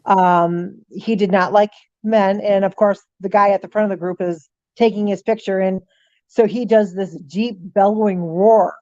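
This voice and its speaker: A middle-aged woman, a guest on an interview show, telling lively stories, voicing animals' thoughts and dropping frequent ums. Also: mid-range voice, moderate pace, dry recording, lo-fi sound. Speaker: guest, paranormal author. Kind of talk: casual storytelling interview.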